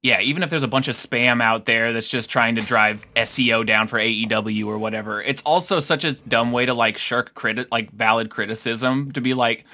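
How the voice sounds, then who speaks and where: A man co-hosting a wrestling podcast, rambling casually with quick laughs and restarts. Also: mid-range voice, steady tone, sharp tone. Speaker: podcast co-host. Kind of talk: casual chat.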